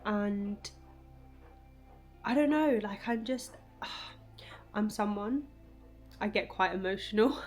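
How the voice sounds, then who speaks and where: A woman's voice: medium pitch, slow pace, pauses often, soft background music. Chatty young woman vlogging at home. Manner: animated, emotional, lots of fillers like "like" and "I don't know". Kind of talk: casual chatty vlog talk. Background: washing machine running.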